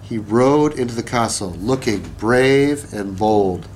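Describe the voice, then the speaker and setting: Slow-reading male storyteller. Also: medium pitch, expressive, darkish tone, slight background noise. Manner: slow, deliberate. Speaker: narrator. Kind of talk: children's story read aloud.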